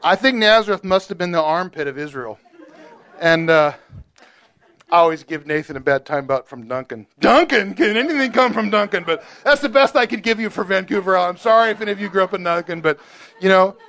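A man teaching a Bible study group in a casual, animated way, joking and asking questions. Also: high voice, a little fast, smooth, a faint crowd.

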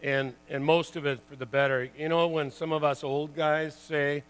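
A man in his sixties, a former pro hockey player, telling lively stories to an audience, full of "you know" and "like" and laughing at his own tales. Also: medium pitch, moderate pace, hardly any pauses, slight background noise, low-quality recording. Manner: chatty, lots of "you know" and "like". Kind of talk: storytelling talk to an audience.

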